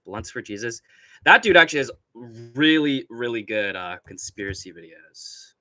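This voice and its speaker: In a casual livestream, a young man reads chat while delivering rambling, foul-mouthed rants broken up by frequent laughter. His mid-range voice is animated, pushed, and bright at a normal speed, with no room sound.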